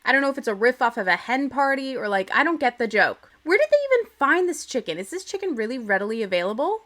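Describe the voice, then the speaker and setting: A young woman hosts a casual recap podcast with a bright, forward voice that sits a little high. She talks in a chatty, opinionated way, with playful bursts of drama. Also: sing-song, fast. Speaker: podcast host.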